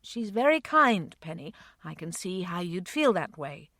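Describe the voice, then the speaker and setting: A woman voicing a kind, patient grown man in an audiobook, speaking gently and reassuringly. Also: fairly low pitch, big pitch swings, a little slow, dry recording, studio quality, heavily acted. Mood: gentle. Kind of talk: audiobook character voice.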